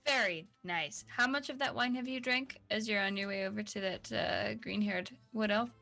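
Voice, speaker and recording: A woman's voice: medium pitch, moderate pace, gravelly, sharp tone, faint music behind. A woman narrating as dungeon master in a chatty, playful way. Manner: chatty, playful, with many fillers. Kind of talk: narrating a tabletop game.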